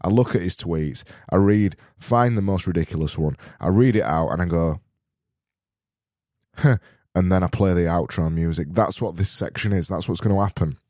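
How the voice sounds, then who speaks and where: A man from Barnsley with a broad South Yorkshire accent hosts his own podcast alone. He speaks in a very low, warm, mellow voice, rambling and correcting himself in a deadpan way. The sound is close and dry. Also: a little fast, few pauses, no echo. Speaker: podcast host.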